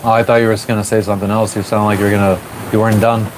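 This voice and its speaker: A man's voice: fairly low pitch, racing. A man vlogging from a sailboat at sea, casually answering viewer questions between bites of food. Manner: relaxed, rambling, eating while talking. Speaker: sailing vlogger answering live chat. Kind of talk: casual live stream chat. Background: waves and boat noise.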